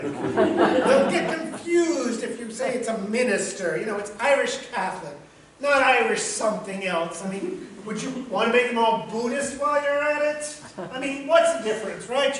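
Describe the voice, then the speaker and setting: An actor playing a pushy, clueless New York theater director who talks over others breezily. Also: male voice, very high-pitched, animated, normal speed, a bit bright. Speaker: actor in a stage comedy. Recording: echoey stage from far off with noise.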